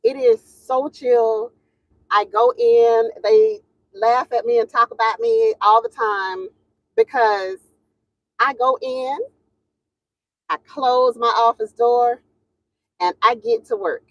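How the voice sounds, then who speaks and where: A woman's voice: a little high, takes it slowly, pauses often, dry recording. A woman hosting a casual livestream, chatty and laughing often as she greets viewers and tells a story. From Southern United States. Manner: chatty, laughs often, drawling Southern phrasing. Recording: dull lo-fi sound, dry room.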